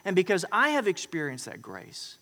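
A man's voice: high-pitched, wildly swooping pitch, moderate pace, a bit bright. Preaching man in a reverberant hall. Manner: storytelling, rising to emphatic acted quotes. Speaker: pastor. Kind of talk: sermon.

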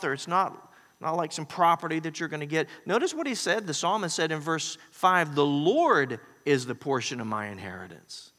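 Bright-voiced male pastor in a hall. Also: high voice. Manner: animated, acts out scenes and quotes. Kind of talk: sermon. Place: large hall with long reverb. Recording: reverberant church hall.

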